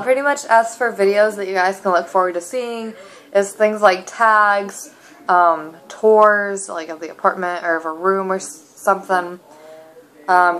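A young woman in a casual home vlog, talking in a rambling, halting way full of asides from her apartment. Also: mid-range voice, a bit bright, poor audio. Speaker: vlogger.

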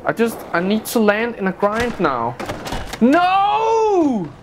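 Very animated and high-voiced, a man commentates his skateboarding game run at normal speed, airing his frustration with exclamations and poking fun at himself. It's let's-play streamer commentary on a noisy recording.

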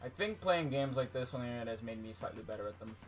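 A man's voice: mid-range voice, lively intonation, racing, soft background music. A man casually commentating his own gameplay on a live stream, self-mocking and swearing when frustrated.

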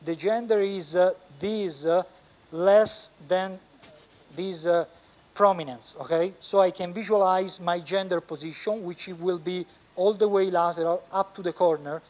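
High-voiced Italian surgeon teaching. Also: male voice. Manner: explains step by step, halting with frequent pauses. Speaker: orthopedic surgeon. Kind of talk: live surgical teaching demonstration. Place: operating room.

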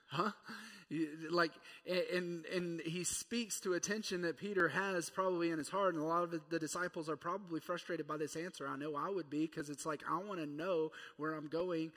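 Preaching at church, a pastor in his thirties uses a slightly high, fairly bright voice with a steady tone and moderate pace. The sermon is playful and conversational, with quotes acted out, and the audio has church hall reverb.

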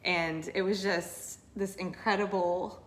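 A woman's voice: lowish voice, takes it slowly, a little hiss or hum. A woman in her thirties telling a personal faith testimony in casual, earnest, emotional storytelling. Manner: emotional, earnest, animated retelling. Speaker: co-host sharing a testimony.

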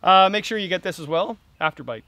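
A man's voice: high voice, fast talker, slight background noise. Joking Canadian man reviewing camping gear. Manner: jokey, deadpan asides, many fillers. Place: outdoors at a campsite.

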